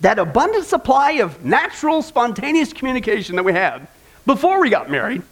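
A man with a strikingly high speaking voice preaching to his congregation. He talks earnestly and conversationally, pleading on serious points, then easing into light humor. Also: very animated, brisk. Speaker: pastor. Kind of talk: sermon.

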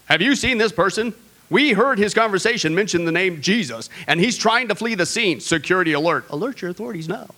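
A man voicing a stern, robotic male streetlight loudspeaker issuing clipped security alerts. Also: high-pitched, expressive, brisk, exaggerated voice. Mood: alarmed.

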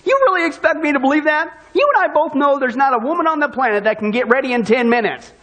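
A man's voice: very high-pitched, fast, a bit bright, voice pushed up. A man doing a sarcastic skeptical boss. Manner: sarcastic, disbelieving.

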